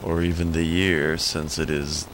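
A man with a very deep, low voice, talking loosely in a voicemail. Faint road and vehicle noise hums behind him. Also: flat delivery, a little slow. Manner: casual, joking. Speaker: caller. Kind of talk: voicemail message.

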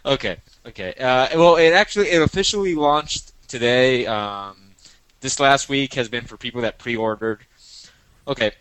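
A man's voice: medium pitch, normal speed, a bit bright, clear, resonant tone, dry recording, poor audio. A man co-hosting a podcast in casual chat, playful and teasing, often repeating himself. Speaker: podcast co-host.

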